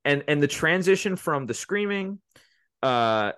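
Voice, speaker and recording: A man's voice: a little high, animated, measured pace, a bit bright, clear, resonant tone, no echo. A man co-hosting a casual movie podcast, rambling through the plot with many restarts and fillers. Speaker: podcast co-host.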